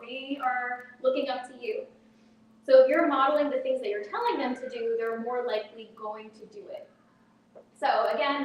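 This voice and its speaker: Woman teacher presenting a parenting workshop, slightly high voice, heard from a distance in a very echoey hall. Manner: practical, explains with everyday examples. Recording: echoey hall from far off, faint noise.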